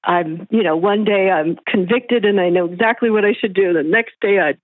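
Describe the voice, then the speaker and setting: A woman's voice: mid-range voice, moderate pace, dry recording. Woman, caller, hesitant, lots of fillers, tinny phone line. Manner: hesitant, many fillers, laughs easily. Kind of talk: call-in question. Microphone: telephone.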